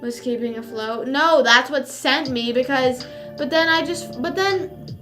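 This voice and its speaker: A woman's voice: sits high, a little slow, a bit bright. A young woman streamer chatting casually, rambling with lots of fillers and swearing. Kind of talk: casual livestream chat. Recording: music playing behind.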